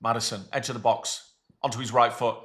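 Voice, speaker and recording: A man's voice: medium pitch, flat delivery, a little fast, a bit bright. A man co-hosting a live football watchalong, chatting and calling the play as it happens. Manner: calls the match play by play between chat. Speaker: co-host.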